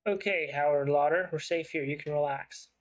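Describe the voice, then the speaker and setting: A man voicing a shrewd, persuasive investigative writer in a story game, with a smooth, probing way of talking. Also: on the high side, fairly even intonation, moderate pace, natural voice, poor audio.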